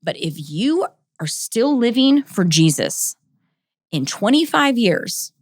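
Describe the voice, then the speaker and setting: A woman's voice: a little high, very animated, slow, no room sound. Brief: woman in her 30s, podcast host, heartfelt and rambly, dry close-miked sound. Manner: emotional, rambling, says "like" and "oh my gosh" often. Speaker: podcast host and ministry leader. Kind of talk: casual Q&A podcast chat.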